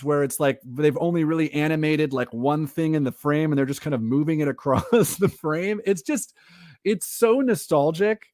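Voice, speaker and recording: A man co-hosting a casual podcast chat, animated and full of fillers, laughing often. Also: on the high side, dry recording, studio quality. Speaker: podcast co-host.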